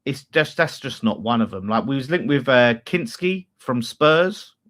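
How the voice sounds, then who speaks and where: A man's voice: medium pitch, expressive, a little slow, fairly bright tone. A man giving blunt, opinionated takes in a casual football chat. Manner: blunt, opinionated, swears freely. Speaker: fan channel co-host.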